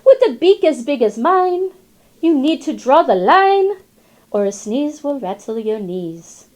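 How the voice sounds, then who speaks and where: A woman's voice: sits high, big pitch swings, measured pace, a little mellow. A woman voicing a chatty, wry female classroom parrot in storybook narration, slipping into rhymes and Spanish words. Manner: rhyming, sly asides, tosses in Spanish words.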